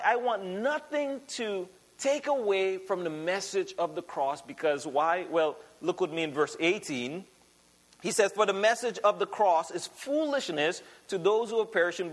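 A man's voice: high-pitched, a bit bright. A male pastor preaching a sermon in a conversational way, asking rhetorical questions and often restarting his sentences. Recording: long hall reverb.

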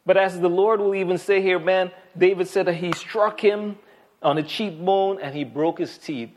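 Male pastor, earnest sermon delivery, slightly high voice, hushed asides. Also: steady tone, moderate pace. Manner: earnest preaching with fillers and quoted scripture; drops to a soft hush on key points.

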